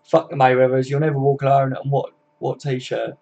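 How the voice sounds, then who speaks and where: A man's voice: mid-range voice, monotone, normal speed, vocal fry, dark tone, dull audio. A tired young man chatting casually and swearing freely as he wraps up a football live stream.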